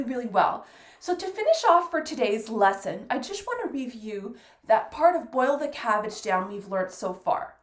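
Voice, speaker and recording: A woman's voice: high voice, echoey room. A woman teaching a fiddle lesson, patiently counting beats aloud and praising often. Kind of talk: encouraging music lesson.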